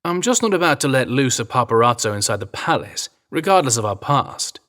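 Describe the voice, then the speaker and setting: A man's voice: mid-range voice, sing-song, fairly quick, fairly bright tone. A man with an English accent voicing a dry, teasing young royal guard in an audio drama reading. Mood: wry. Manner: wry, dry humour.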